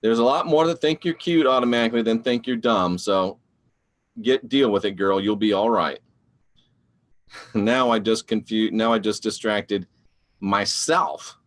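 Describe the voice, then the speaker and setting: A man hosting a live online show, talking in a rambling, animated and preachy way while answering viewer comments. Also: lowish voice, measured pace. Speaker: online show host reading live chat. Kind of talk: casual live-stream talk.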